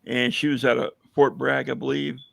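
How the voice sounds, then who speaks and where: A hoarse man chatting casually on a livestream as a veteran guest, rambling with many fillers and telling jokes. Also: medium pitch, flat delivery, normal speed, fairly bright tone, no room sound. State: hoarse, losing his voice. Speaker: veteran guest running a coffee business.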